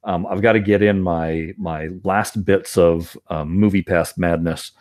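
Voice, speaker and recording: A man's voice: deep voice, measured pace, no echo, clean studio sound. A middle-aged man hosting a podcast in casual chat, talking with lots of fillers and frequent laughs. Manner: animated, laughs often, many fillers. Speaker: podcast host.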